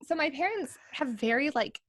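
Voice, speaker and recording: A woman's voice: sits high, expressive, normal speed, dry recording, clean studio sound. A woman from Minnesota with a Minnesota accent, co-hosting a podcast in casual, chatty talk with lots of fillers. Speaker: podcast co-host. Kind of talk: casual chat.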